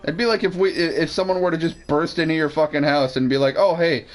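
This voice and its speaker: A man's voice: a little high, fast talker. A young man streaming a game, chatting crudely and joking while he works out weapon damage aloud. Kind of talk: casual gaming chat.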